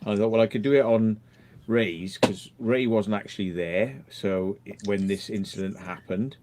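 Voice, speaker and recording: A man's voice: on the low side, moderate pace, darkish tone, a little hiss or hum. A man chatting on a live stream in a rambling, tired way, swearing freely. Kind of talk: casual chat on a live stream.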